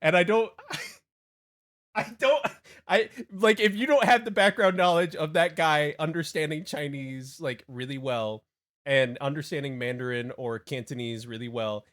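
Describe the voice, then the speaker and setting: A man's voice: on the high side, normal speed, fairly bright tone. Rambling young male game streamer. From Hawaii. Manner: rambling, self-interrupting, laughing asides. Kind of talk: casual stream chat.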